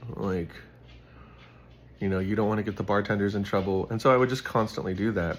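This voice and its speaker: A man's voice: fairly low pitch, fairly even intonation, brisk, a little hiss or hum. A young man hosting a casual Bible devotional, telling stories in a rambling way full of "like" and fillers. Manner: rambling, filler-heavy storytelling with lots of "like".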